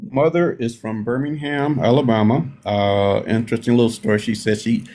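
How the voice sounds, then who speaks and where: A middle-aged man from Milwaukee tells personal stories on a discussion panel, unhurried and reflective, often pausing to restart his sentences. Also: medium pitch, steady tone, mellow. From Milwaukee, United States. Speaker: panel participant.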